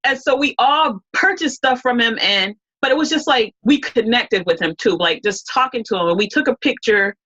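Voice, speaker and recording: A woman's voice: a little high, lively intonation, normal speed, hardly any pauses, fairly bright tone. Rambling woman telling a story, lo-fi. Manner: rambling, full of restarts and quoted dialogue. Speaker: interview guest. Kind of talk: casual storytelling.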